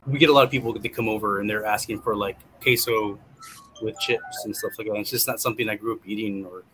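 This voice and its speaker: A man's voice: lowish voice, steady tone, fast talker, fairly bright tone, a little hiss or hum, low-quality recording. Casual, hesitant man from South Texas. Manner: casual, hesitant, many fillers. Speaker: chef guest. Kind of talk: conversational interview.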